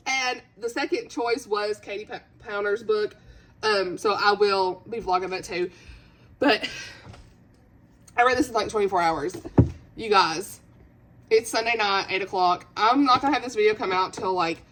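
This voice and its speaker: A woman's voice: fairly high pitch, unhurried, a bit bright. A woman chatting in a reading vlog, emotional and gushing, laughing through tears. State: teary, voice breaking. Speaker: book vlogger. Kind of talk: casual reading vlog chat.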